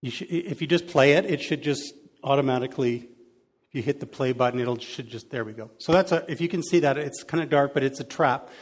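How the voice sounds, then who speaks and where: A man preaching a sermon in a conversational way, adding lively sound effects to his examples. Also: medium pitch, a little fast. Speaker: pastor. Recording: long hall reverb.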